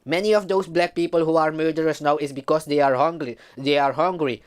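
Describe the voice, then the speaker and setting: A man's voice: fairly high pitch, fairly even intonation, a little fast, smooth. A man from Suriname, giving a heated, emphatic commentary vlog.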